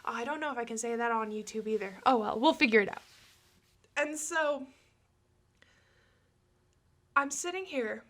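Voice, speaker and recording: A young woman telling a casual storytime anecdote to her audience, chatty and quick to laugh, filling her talk with "like". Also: a little high, fairly bright tone. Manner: chatty, peppered with "like", laughs often. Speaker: storytime vlogger.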